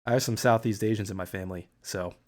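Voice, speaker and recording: A man with a fairly low voice hosts a loose livestream chat. He rambles from point to point and swears casually. He restarts sentences often as he thinks out loud. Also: fairly even intonation, fast talker. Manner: rambling, profane, with frequent restarts. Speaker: livestream host.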